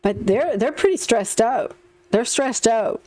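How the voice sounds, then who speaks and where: A woman's voice: fairly high pitch, expressive, measured pace, darkish tone. Chatty woman reading tarot cards. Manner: chatty, repeats herself, acts out quotes. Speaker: tarot reader.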